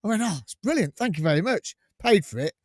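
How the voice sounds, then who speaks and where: Male co-host, very animated intonation, dry close sound, acts out the dialogue in his stories. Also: high-pitched, fast talker, no echo. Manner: animated storyteller acting out dialogue, laughing often. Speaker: podcast co-host. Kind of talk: casual anecdote telling.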